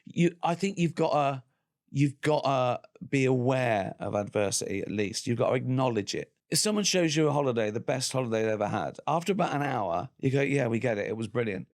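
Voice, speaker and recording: A man's voice: lively intonation, fairly quick. A man in his sixties with an English accent, a comedian talking casually as a guest and acting out other people's lines. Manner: acts out other people's lines in quoted voices; bursts into high loud laughter. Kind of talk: casual chat.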